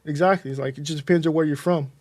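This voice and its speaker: A man's voice: a little high, fairly even intonation, rapid-fire, darkish tone, no echo. A man from Texas chatting casually on a livestream, rambling with many fillers and repeated words.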